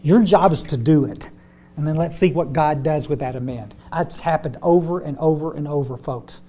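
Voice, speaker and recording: A man's voice: fairly high pitch, moderate pace, warm tone. An older man speaking to a recovery group, folksy and repeating words as he tells his story. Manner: folksy, repeats words, addresses audience as y'all. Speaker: AA step study speaker.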